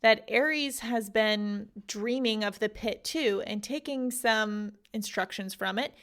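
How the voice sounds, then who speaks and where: A woman's voice: on the high side, slow pace, fairly bright tone. A woman hosting a podcast, recapping a book in a casual, giggly way with lots of "like". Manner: chatty, giggly, heavy use of "like". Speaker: podcast host.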